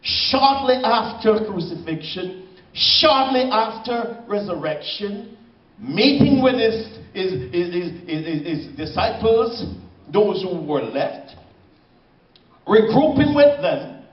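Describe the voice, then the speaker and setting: Slow dramatic preacher in an echoey church. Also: male voice, sits high, big pitch swings. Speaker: pastor. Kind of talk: sermon. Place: church sanctuary. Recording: echoey, dull church recording from far off.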